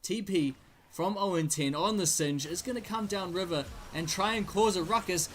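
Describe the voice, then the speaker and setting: A man casting a live esports match play-by-play, his excitement climbing in big fights, with jokey asides between plays. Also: sits high, moderate pace, a little hiss or hum. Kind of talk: live game commentary.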